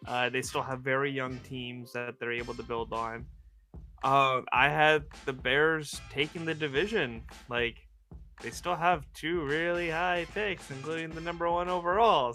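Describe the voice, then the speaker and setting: A young man co-hosting a casual sports podcast, animated and groaning for comic effect. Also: on the high side. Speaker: podcast co-host.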